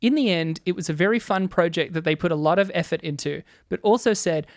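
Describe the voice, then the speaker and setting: A young woman co-hosting a podcast, talking fast and acting out scenes in casual chat. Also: on the low side, dry recording, clean studio sound. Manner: rapid, animated, acting out scenes. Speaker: podcast co-host.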